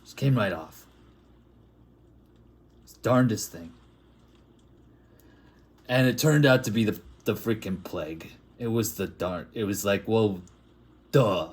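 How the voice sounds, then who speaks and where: A man's voice: lowish voice, takes it slowly, pauses often, husky. A man voicing a grimy male plague doctor from a back-alley town, rambling and crude in an improvised comic monologue. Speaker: artist improvising a comic story.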